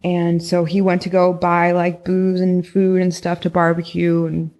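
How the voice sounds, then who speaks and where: Gravelly young woman telling a story. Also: lowish voice, monotone, a little slow, a little mellow. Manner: rambling, heavy use of "like", frequent swearing. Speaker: podcast guest recounting experiences. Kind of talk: casual storytelling in conversation.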